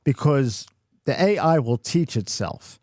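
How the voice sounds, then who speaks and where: A man's voice: mid-range voice, lively intonation, measured pace, a little mellow, no room sound, studio quality. A middle-aged man co-hosting a podcast, telling a workplace story in a cursing, ranting way. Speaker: podcast co-host. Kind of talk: casual chat.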